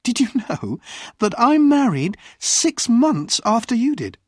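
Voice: medium pitch, big pitch swings, slow, a little mellow, breathy edge, dry recording, clean studio sound, voice pushed up, heavily acted. A reader playing a teasing woman of thirty.

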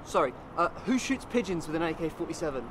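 Brief: a man as a playful, needling mate, high and animated, outdoors with street noise. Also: fast, natural voice.

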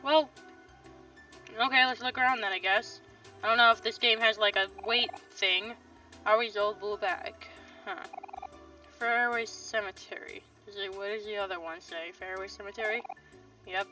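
A woman's voice: mid-range voice, fairly even intonation, normal speed, long pauses, bright, forceful tone, faint music behind. A young woman giving casual, wry commentary while playing a video game, thinking aloud. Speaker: let's play host. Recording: slightly distant, dull lo-fi mic.

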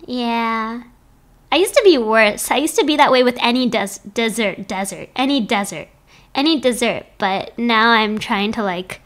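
A woman's voice: high voice, a bit bright. A young woman streaming from home into a desk microphone, chatting casually and playfully with her viewers, often giggling.

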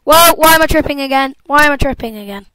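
A young woman with a bright, high voice runs casual let's-play commentary, excitable and jokey, bantering with the game as she goes. Her voice sounds close and dry, with no room around it. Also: quick pace, no room sound, low-quality recording. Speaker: gameplay commentator.

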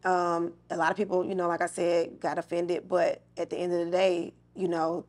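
A woman's voice: on the low side, monotone, normal speed, darkish tone. A young adult woman comedian, a guest in a casual interview, telling stories in a candid, laid-back way with slang.

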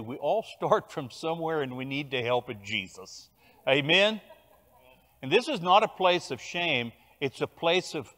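An older man with a Cajun Louisiana accent preaching a sermon, telling stories with animated bursts of loud emphasis. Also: mid-range voice. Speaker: pastor. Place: large church sanctuary. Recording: long church hall reverb.

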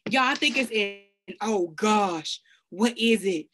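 A woman giving a casual, excited Bible lesson to her viewers, speaking in loose slang and often sidetracked as she works through scripture. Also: mid-range voice, slow pace, a little hiss or hum. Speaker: Bible study teacher. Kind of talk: casual preaching to camera. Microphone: self-recorded video.

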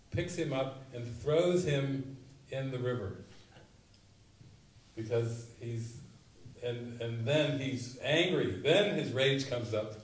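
A man giving a spiritual retreat talk, telling stories and acting out quotes with sudden loud bursts. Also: mid-range voice. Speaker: spiritual teacher. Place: retreat meeting room. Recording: roomy, mic at a distance, faint noise.

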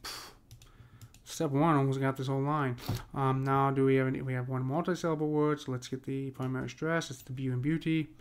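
A man's voice: mid-range voice, level tone, fairly quick, clean tone. A man casually explaining poetry meter in a rambling way, often checking with "right?". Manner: rambling, repeats "right?" often, many restarts. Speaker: poetry teacher.

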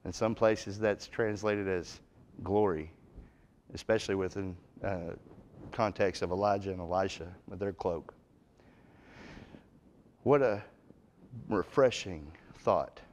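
A man's voice: deep voice, slow pace, pauses often, a little mellow, a little hiss or hum. A man preaching a folksy, emphatic Bible class sermon in a church, rising in force when he reads scripture. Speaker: guest preacher. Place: church auditorium.

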